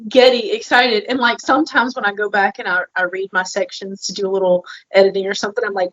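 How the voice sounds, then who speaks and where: A woman co-hosting a podcast, chatting in an animated, bubbly way. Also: medium pitch, quick pace, hardly any pauses, dry recording, lo-fi sound. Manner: animated, bubbly, laughs often. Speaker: podcast co-host. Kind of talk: casual podcast chat.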